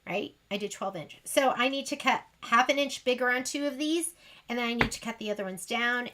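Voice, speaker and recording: A woman hosts a sewing shop livestream, chatting and rambling casually as she demonstrates, often poking fun at herself. Her voice is a little high, bright and forceful, with a little hiss or hum in the recording.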